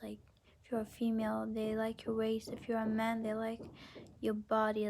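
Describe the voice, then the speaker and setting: A woman reads cards in a casual, halting way, full of restarts, often sinking into a whisper mid-thought. Her voice sits fairly high with a steady, flat melody and a gravelly, fry-laden texture. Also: a little hiss or hum. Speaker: tarot card reader. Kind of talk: casual pick-a-card reading.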